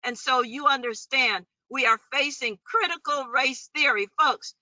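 A woman's voice: sits high, unhurried, sharp tone, no room sound. A woman candidate giving a rousing campaign speech, addressing the crowd directly. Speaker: political candidate. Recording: dry, dull lo-fi audio.

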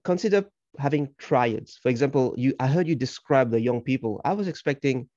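A man's voice: medium pitch, a little fast, hardly any pauses, warm tone, no echo. A man giving encouraging feedback on a speech over a video call. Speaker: speech evaluator. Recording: dull lo-fi call audio.

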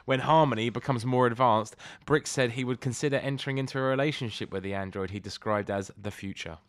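A young man sits at the mic, working through a bizarre news story line by line. He stumbles on words and keeps breaking into laughter. His voice sits at an ordinary middle pitch. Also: quick pace. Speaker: podcast co-host. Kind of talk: reading out odd news stories with banter.

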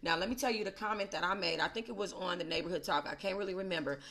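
A woman's voice: lowish voice, racing, fairly bright tone. A woman hosting a casual livestream, talking emphatically in slang and greeting her chat. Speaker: livestream host.

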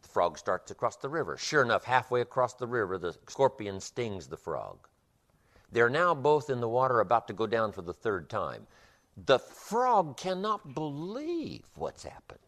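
A man's voice: fairly low pitch, very animated, moderate pace, fairly bright tone. A man giving a motivational speech, emphatic, with rhythmic repetition. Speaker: motivational speaker.

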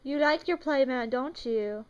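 A young mother talking to her baby in slow, coaxing, sing-song baby talk. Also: sits high, clean tone, dull audio.

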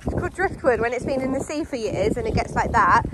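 A woman's voice: fairly high pitch, expressive, fast talker. A woman chatting in a sing-song way to her child and dogs outdoors near a beach. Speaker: dog-owning vlogger and mother. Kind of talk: casual chat. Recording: loud outdoor background noise.

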